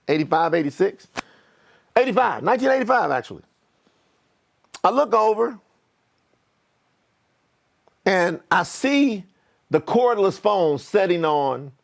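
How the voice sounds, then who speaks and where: High-voiced motivational speaker. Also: male voice, gravelly. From Kentucky, US. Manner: animated, talks straight to viewers. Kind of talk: personal storytelling to online viewers.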